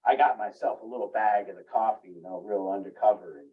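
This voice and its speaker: A man's voice: fairly low pitch, quick pace. A man telling a rambling, candid story in a group talk, laughing at himself now and then. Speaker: group speaker. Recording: muffled, distant room recording.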